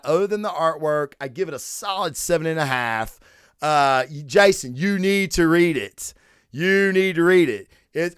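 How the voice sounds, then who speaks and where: A man's voice: on the high side, fairly bright tone, clean tone, dry recording, studio quality. A man hosting a comic book review podcast, talking in a loose, profane, joking way and acting out scenes. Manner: loose, profane, jokey, quick to act out scenes. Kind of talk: casual comic review chat.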